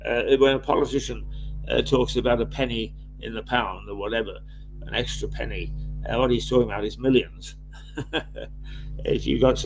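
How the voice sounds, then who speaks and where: A man with a croaky voice, co-hosting a casual news review and pausing often with fillers and restarts. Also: mid-range voice, fairly even intonation, slight background noise, rough recording. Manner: hesitant, many fillers and restarts. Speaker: co-host reading newspaper headlines.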